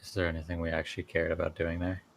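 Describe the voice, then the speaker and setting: A man's voice: low-pitched, monotone, fast, vocal fry. A man chatting casually as a player in a tabletop game, joking and offhand.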